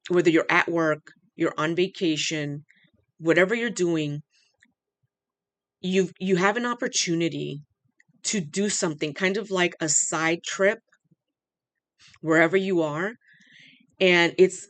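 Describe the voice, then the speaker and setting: An earnest tarot reader talks through a channeled reading, repeating phrases and pausing often as if moved. The voice sits at an ordinary middle pitch and sounds emotional throughout. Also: fairly bright tone, no echo. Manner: emotional, says they are overwhelmed.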